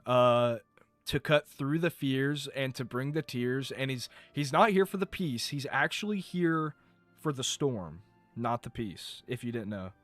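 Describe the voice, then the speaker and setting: A young man from North Carolina talks loosely on a live stream, wandering off track, cursing and poking fun at himself. His voice sits at an everyday middle pitch, with soft music playing underneath. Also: lively intonation, a little slow, no room sound. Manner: rambling, swearing, self-mocking. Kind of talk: casual live-stream chat.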